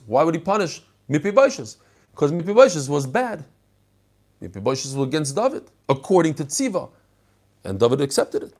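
Lively man teaching a text lesson. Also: a little high, a little fast, slightly rough. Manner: animated, acts out the story.

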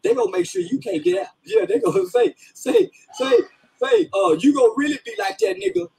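This commentator, heard in a played clip, has an extremely high, creaky, slightly mellow voice and speaks briskly and very animatedly. He rants comically with plenty of swearing, laughing and half-sobbing through his words, on a rough recording.

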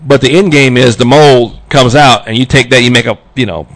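A man hosting an internet radio show, telling a story in a loose, animated way and laughing along as he goes. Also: mid-range voice, brisk. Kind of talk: casual on-air chat.

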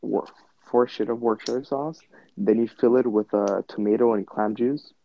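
A man's voice: mid-range voice, steady tone, normal speed, vocal fry, muffled recording, slight background noise. A young man hosting a podcast with friends, rambling casually, laughing often and swearing. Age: young adult. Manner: rambling, laughing, swearing, says "bro" and "dude". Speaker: podcast host.

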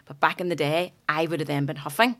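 A woman in her forties, chatting frankly on a podcast as a guest, animated and sweary. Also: deep voice, fast. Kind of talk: casual chat.

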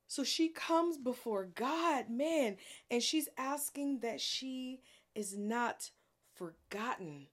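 A middle-aged woman giving a devotional Bible teaching, earnest and conversational, with dramatic pauses. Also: sits high, expressive. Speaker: podcast host teaching a Bible series.

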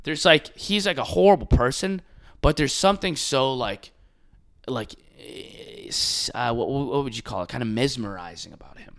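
Male podcast co-host, bright lively voice, riffing, profane, does quick impressions. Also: mid-range voice, vocal fry. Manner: animated, swearing, laughing, mimicking voices. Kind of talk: casual comedic podcast chat.

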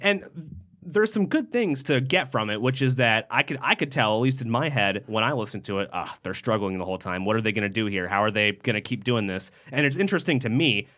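A man's voice: medium pitch, lively intonation, fairly quick, sharp tone. A young man co-hosting a casual podcast, reading news quotes aloud with jokey asides and plenty of swearing. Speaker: podcast co-host.

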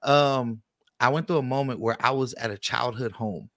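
A man's voice: mid-range voice, normal speed, dry recording. A man as an interview guest on a radio show, telling a personal story in a candid, rambling way and repeating words when he gets worked up.

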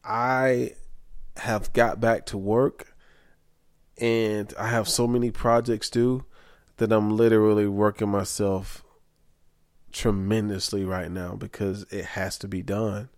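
Sleep-deprived young man, low-pitched, candid casual monologue, dry close sound. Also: level tone, slow, no room sound. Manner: candid, emphatic, says okay often. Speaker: vlogger.

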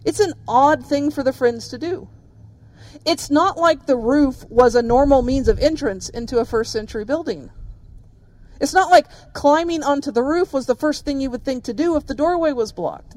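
A woman's voice: sits high, animated, normal speed, darkish tone. A woman pastor preaching a sermon, telling the story vividly and speaking directly to her listeners.

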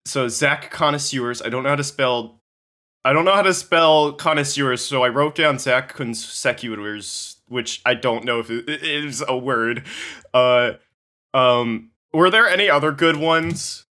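A young man chats casually as a podcast co-host. His voice is bright and clear, at a middle pitch. He rambles and giggles, filling gaps with um and like. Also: unhurried. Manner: giggly, rambling, many fillers. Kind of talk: casual chat.

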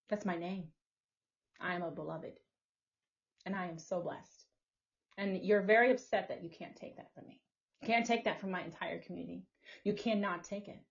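A woman hosting a podcast, delivering a live, profane, confrontational rant in a preachy tone. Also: mid-range voice. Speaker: podcast host. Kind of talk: live ranting monologue. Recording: muffled lo-fi audio.

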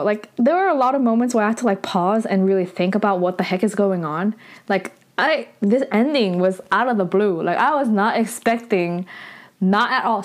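A young woman hosting a podcast, recapping an episode casually and animatedly, with lots of 'like' fillers. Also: mid-range voice. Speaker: podcast host.

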